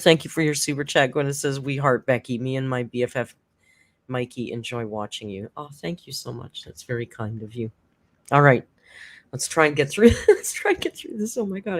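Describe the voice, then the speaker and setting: Low-voiced woman streaming a reaction. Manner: emotional, laughing often, swearing. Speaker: live-stream reaction host. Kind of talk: casual live-stream commentary.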